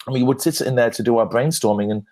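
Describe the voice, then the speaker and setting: A man answers questions on a conference stage as a branding expert. He tells his stories in an animated, self-deprecating way, often restarting his sentences and laughing at his own jokes. His voice sits at an ordinary middle pitch for a man. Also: fast talker. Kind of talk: conference Q&A talk, anecdotal.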